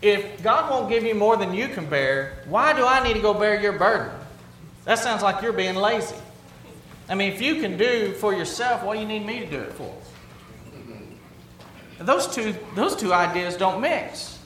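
A middle-aged man preaches in a talky, conversational manner, his voice a little higher than usual for a man. He poses question after question and echoes his own phrases for emphasis. The room rings with echo, and a faint hum of ambience sits underneath. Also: expressive, normal speed, a bit bright. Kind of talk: sermon.

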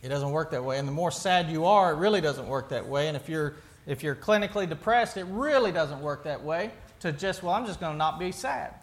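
Male pastor with a high voice, chatty sermon style, asks the room questions and restarts sentences. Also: a little fast, hardly any pauses.

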